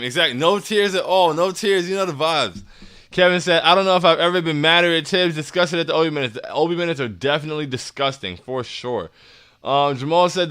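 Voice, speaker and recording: A young man hosts a casual fan livestream, reading out chat in slangy, excitable talk that often softens into quiet sincerity. His voice sits a bit high for a man, bright and crisp, with a clean, smooth tone. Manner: hyped, slangy, drops to soft and earnest.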